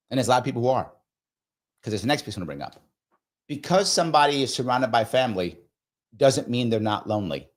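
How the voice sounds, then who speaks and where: Middle-aged male show host, earnest conversational monologue, animated pitch. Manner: earnest and conversational, acts out quoted dialogue. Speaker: host of a live discussion show. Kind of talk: casual live monologue.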